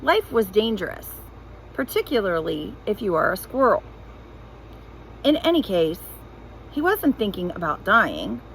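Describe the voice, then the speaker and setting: A woman reading a children's novel aloud in an expressive, animated storytelling voice. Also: medium pitch, measured pace, vocal fry, pauses often, slight background noise, rough recording. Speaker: reader.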